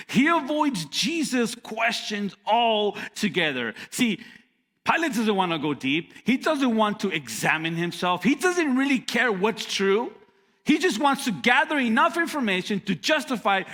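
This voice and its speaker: An animated pastor delivers a sermon with a high, bright voice that leaps around in pitch. He repeats key lines for emphasis. The sound carries with a long reverb from a church hall.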